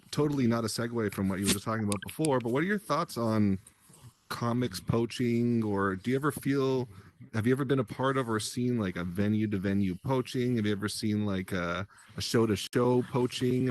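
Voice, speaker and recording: A man's voice: mid-range voice, normal speed, a little hiss or hum. A man in a casual chat asking a rambling question, hesitant with many fillers.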